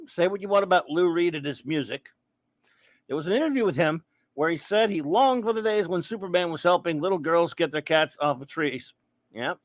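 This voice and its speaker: A man's voice: a little high, a bit bright, no room sound. A man hosting a casual live chat show, ranting and breaking off to read viewer comments aloud. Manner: ranting, restarting sentences, reading chat aloud. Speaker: host.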